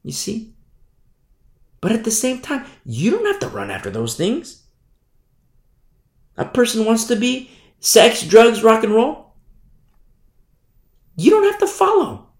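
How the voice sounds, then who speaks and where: A man's voice: very high voice, creaky. A man preaching a sermon as pastor, emphatic and repetitive, often asking his listeners "you see?". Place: church hall. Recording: echoey room.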